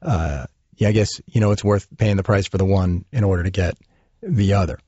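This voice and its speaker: A man's voice: low voice, fairly quick, dark tone, dry recording, dull audio. A man hosting a podcast interview, talking earnestly with many fillers and restarts. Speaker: podcast host. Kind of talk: casual interview chat.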